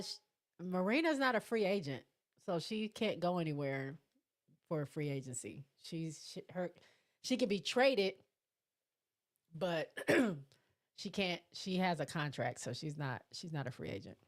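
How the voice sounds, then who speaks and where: A woman with a low-pitched voice hosts a live stream, answering viewer comments in a relaxed, chatty way. A frog in her throat keeps her clearing it between thoughts. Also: takes it slowly, long pauses. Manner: chatty, reacts to each comment. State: throat irritation, clears throat often. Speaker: live show host reading viewer comments. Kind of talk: casual live-stream chat.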